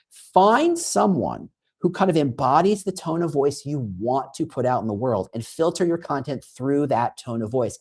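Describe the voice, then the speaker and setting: A man speaking as a guest in an interview, animated, often restarting phrases and acting out little quotes. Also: medium pitch, breathy edge. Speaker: guest expert on recruiting. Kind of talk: conversational interview.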